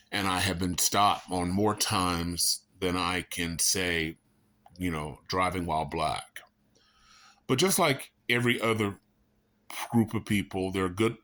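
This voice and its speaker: A man giving a casual monologue to camera from his living room, talking in a conversational way with animated bursts of emphasis. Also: deep voice. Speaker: vlogger.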